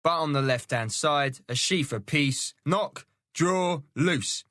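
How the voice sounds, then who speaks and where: A man's voice: a little high, slow pace, a bit bright, no echo, studio quality, pitched above the performer's own voice. A man voicing a tired, sardonic male watch captain with a nasal drawl. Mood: commanding.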